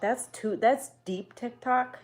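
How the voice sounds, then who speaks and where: A woman's voice: on the high side, slow pace, faint music behind. A young woman streaming from home, chatting casually with her viewers, swearing freely and answering their comments. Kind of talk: casual chat.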